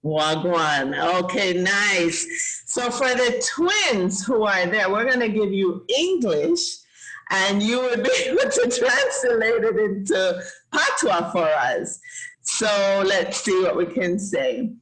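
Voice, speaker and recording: A woman's voice: mid-range voice, sing-song, slow pace, a bit bright, low-quality recording. A Jamaican woman hosting a casual lesson for children, upbeat and encouraging, praising them often. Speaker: host teaching children. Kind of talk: casual teaching chat.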